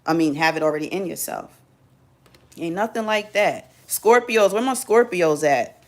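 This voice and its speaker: Sassy woman host, slightly low voice. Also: lively intonation, moderate pace. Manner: sassy, teasing and slangy, talks straight to viewers. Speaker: live-stream host. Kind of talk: casual live-stream monologue.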